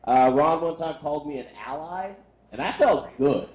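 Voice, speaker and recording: A man's voice: fairly high pitch, moderate pace, a little mellow, roomy sound, rough recording. A man doing a crude, rambling roast set on stage, making fun of himself along the way. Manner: crude, rambling, self-deprecating delivery. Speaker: roast comedian. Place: comedy venue with crowd.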